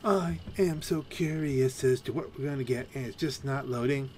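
A man's voice: medium pitch, normal speed, a little mellow, a little hiss or hum. A man giving casual, playful let's-play commentary, goofing around with silly sound effects. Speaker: gaming channel host.

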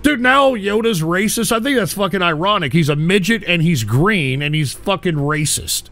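Loud profane male call-in host. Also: high voice, lively intonation, moderate pace. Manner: loud, profane, exasperated ranting. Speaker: host of a call-in comedy show. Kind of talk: crude comedic call-in radio rant.

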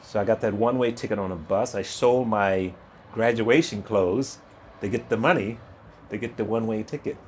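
Animated older man telling stories. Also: fairly low pitch, normal speed, slight background noise. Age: 60s. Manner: animated storyteller who acts out other people's voices and laughs often. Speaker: guest, retired bodybuilder. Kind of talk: storytelling interview.

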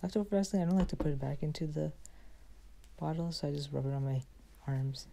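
A woman's voice: sits low, a little fast, gravelly, mellow, slight background noise, poor audio. A young woman chatting casually as a vlogger, often dropping into a whisper. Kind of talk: casual chat.

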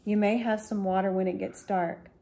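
A woman voicing a calm, protective older brother from a storybook who speaks in a steady, reassuring way. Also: mid-range voice, normal speed, gravelly, lightly acted.

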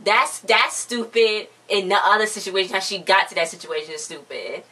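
A woman's voice: mid-range voice, moderate pace, pushed and bright, distant mic. A woman co-hosting a casual TV recap, talking animatedly and quoting the characters as she retells scenes. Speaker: TV recap co-host.

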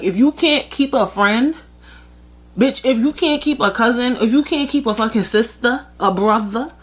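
Blunt, profane woman podcaster. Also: mid-range voice. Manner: blunt, profane, animated with rhetorical asides. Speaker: podcast host. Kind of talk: casual advice monologue.

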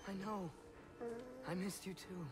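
A young male actor playing an earnest teenage boy in a video game, talking softly and tenderly to his dog. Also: high voice, fairly even intonation, measured pace, over music. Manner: soft, tender, coaxing. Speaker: game character.

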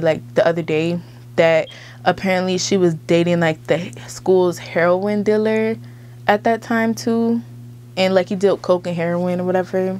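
A young woman vlogger telling a story in a casual, animated way, with a lot of slang and swearing. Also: lowish voice.

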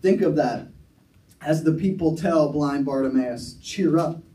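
A man's voice: fairly high pitch, a little slow, dark tone. A man preaching a sermon at a recovery ministry, telling a story earnestly and often restarting his sentences. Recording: echoey room, mic far off.

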